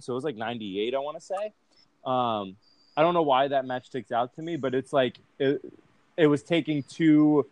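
A man's voice: mid-range voice, no room sound. A man hosting a laid-back chat, cutting in to steer the talk and swearing offhandedly. His voice sits mid-range and sounds dry and close, with no room around it. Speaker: podcast host. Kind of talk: casual chat.

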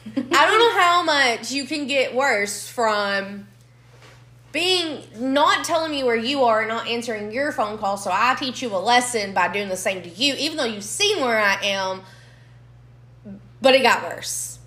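A woman's voice: fairly high pitch, expressive, a little slow, pushed and bright. A young woman, telling a dating story bluntly in casual podcast chat and swearing freely. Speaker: podcast co-host. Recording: echoey room.

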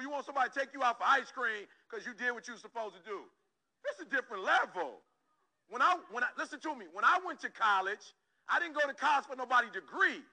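A man from Detroit delivers a motivational talk in a very high, sharply bright voice. He speaks emphatically and keeps calling on the listeners directly, driving each point home with repetition. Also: low-quality recording. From Detroit, Michigan, USA.

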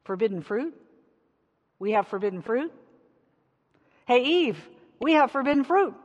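A woman's voice: medium pitch, moderate pace, highs cut off, close to an everyday voice. A woman voicing Adam as an eager, childish young man who bickers, in a reverberant church sanctuary. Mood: excited.

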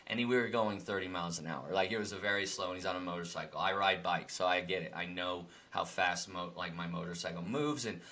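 Bright-voiced man telling animated stories. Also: deep voice, fast talker, hardly any pauses. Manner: animated storytelling, acts out angry quotes loudly; rambling with many fillers. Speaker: podcast co-host. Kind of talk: casual spiritual chat.

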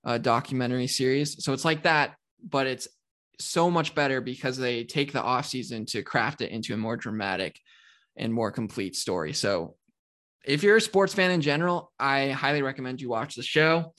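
A man co-hosting a podcast, telling a sports story in an animated, ranting way. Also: mid-range voice, moderate pace. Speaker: podcast co-host. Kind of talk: casual podcast chat.

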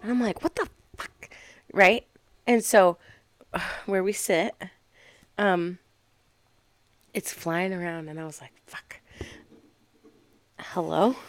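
A woman co-hosting a casual podcast chat, telling animated stories with loud mimicry and swearing. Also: lowish voice, slow, pauses often, no room sound. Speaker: podcast co-host.

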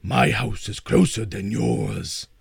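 A man voicing a big, burly male forest troll in a folk tale reading, speaking loud and drawn-out with a booming, altered tone. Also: creaky, husky, dry recording, heavily acted. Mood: menacing.

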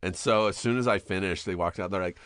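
A middle-aged man hosting a podcast, chatting casually and telling stories with animated impressions and plenty of swearing. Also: low voice, quick pace, noisy background. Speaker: podcast host. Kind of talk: casual chat.

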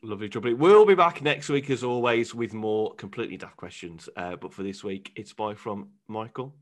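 A man co-hosting a comedy podcast, jokey and quick to laugh as he riffs on silly ideas. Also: lowish voice. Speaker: podcast co-host.

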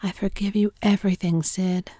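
A woman's voice: medium pitch, flat delivery, moderate pace, dark tone, no room sound, clean studio sound, natural voice. A woman voicing a mischievous boy faking illness, a whispered role-play with plaintive groaning.

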